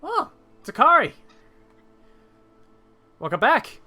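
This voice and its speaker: A man voicing a cheery, teasing female drow barkeeper in a tabletop game, with loud, bubbly greetings. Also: mid-range voice, brisk, soft background music, lightly acted. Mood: cheerful.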